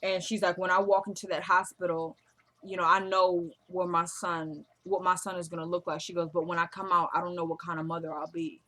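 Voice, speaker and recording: A woman casually recapping a TV drama episode, retelling scenes as quoted dialogue with a chatty, animated delivery. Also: lowish voice, brisk. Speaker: show recap vlogger.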